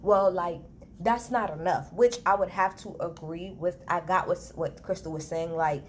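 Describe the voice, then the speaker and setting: A woman's voice: fairly low pitch, moderate pace, slight background noise. Blunt, profane woman ranting to camera. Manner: animated, blunt and profane, talking straight to viewers. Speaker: reality TV recap YouTuber. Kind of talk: casual recap rant. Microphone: handheld phone, no tripod.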